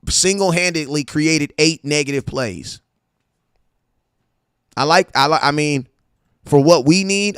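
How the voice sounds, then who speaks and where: A man hosting a casual sports fan show, talking in an animated, slangy way with stories and asides. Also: on the high side, clear, resonant tone, no echo, studio quality. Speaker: sports podcast host.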